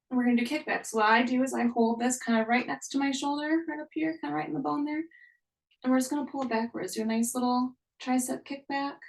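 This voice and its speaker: A woman's voice: fairly high pitch, creaky, recorded from a distance, rough recording. A young woman leading a live online workout class, cheering people on and counting down each interval. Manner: upbeat, encouraging, counts down intervals. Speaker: fitness instructor.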